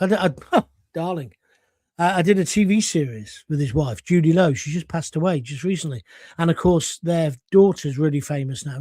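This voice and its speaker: A man's voice: a little high, darkish tone, no room sound. An older man hosting a casual live stream, chatting bluntly and cheekily while reading out viewer comments.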